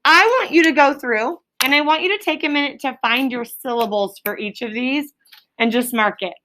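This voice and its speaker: Bright, somewhat high woman teacher in a classroom, stretching out spelling words for third graders. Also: a little hiss or hum. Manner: clear, drawn-out word sounding. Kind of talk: classroom phonics lesson.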